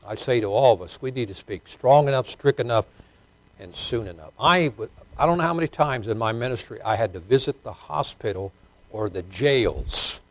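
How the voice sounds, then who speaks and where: A middle-aged man preaching a sermon as pastor, swinging between loud emphasis and quiet asides. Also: medium pitch, expressive, moderate pace, no room sound.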